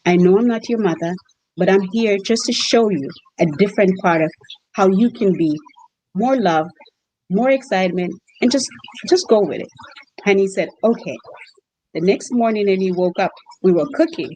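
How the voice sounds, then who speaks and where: A woman's voice: mid-range voice, moderate pace, a little hiss or hum, low-quality recording. A woman who hosts exchange students, telling stories in an interview and acting out the quotes. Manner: animated storyteller, acts out quotes. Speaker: host family mom for exchange students. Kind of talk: storytelling interview chat.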